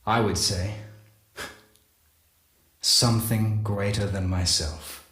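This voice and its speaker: A slow, grave scientist confessing. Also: male voice, fairly low pitch, fairly even intonation, a bit bright, echoey room. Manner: measured, grave, reflective. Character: solemn male scientist confessing in an audio log. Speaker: morphology specialist. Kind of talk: game audio log narration.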